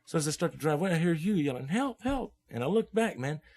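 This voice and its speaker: On the high side and a little mellow, the young man's voice is animated and rapid-fire. He's a guest musician from Oklahoma telling casual stories in laid-back hip slang, frequently laughing as he acts out their characters.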